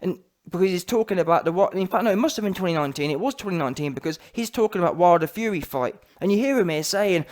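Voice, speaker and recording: A man's voice: high voice, lively intonation, quick pace, few pauses, darkish tone. A man ranting in a heated, slangy, mocking way as a boxing commentary vlogger.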